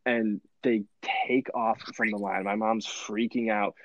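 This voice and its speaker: A young man telling stories in a rambling podcast chat, animated and full of fillers and laughs. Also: fairly low pitch, unhurried, no room sound, lo-fi sound. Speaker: podcast host. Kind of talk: casual storytelling chat.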